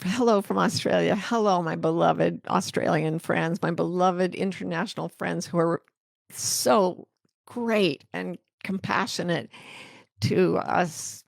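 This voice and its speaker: A middle-aged American woman hosting a live talk, reading viewer questions and a poem in a gentle, reflective way. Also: lowish voice, fairly even intonation, unhurried, vocal fry, no room sound, studio quality. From United States. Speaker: host answering viewer comments.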